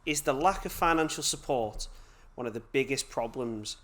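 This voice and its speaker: Co-host, young man, mid-pitched, relaxed banter, keeps the show moving. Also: moderate pace. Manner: easygoing banter, leads into segments. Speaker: podcast co-host. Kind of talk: casual chat.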